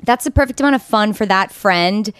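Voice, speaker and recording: A woman's voice: medium pitch, a little fast, a bit bright, clear, resonant tone, dry recording. A woman, a comedian guest on a podcast, chatting casually and agreeably. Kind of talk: casual chat.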